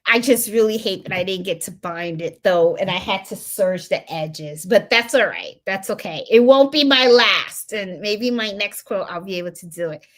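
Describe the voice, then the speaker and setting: A woman's voice: mid-range voice, expressive, moderate pace, hardly any pauses. A woman from Puerto Rico hosting her embroidery channel's live stream, chatting casually, greeting viewers and reading their comments, with lots of fillers and repeats.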